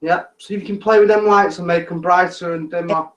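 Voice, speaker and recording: Guy on a ghost hunt, highish voice, begging spirits to mess with the lights, dull lo-fi sound. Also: fairly even intonation, fairly quick, a bit bright. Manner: coaxing, repetitive requests. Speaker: ghost hunter.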